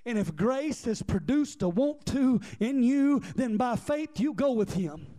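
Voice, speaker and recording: High-pitched man preaching a fiery sermon. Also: lively intonation, measured pace. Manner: impassioned, rhythmic repetition, bursts into shouting; speaks directly to the congregation.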